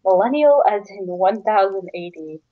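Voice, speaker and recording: A woman's voice: medium pitch, animated, moderate pace, no echo, close to an everyday voice. Woman playing a weary, defensive young mare. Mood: desperate. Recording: dry, dull lo-fi sound.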